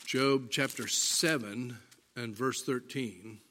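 A man preaching a sermon, deliberate and emphatic, reading scripture aloud. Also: mid-range voice, pushed and bright, slight background noise.

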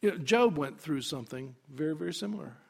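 A man preaching a sermon, dramatic, dropping to a hush and then rising to loud emphasis. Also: a little high, animated, fast, gravelly, husky.

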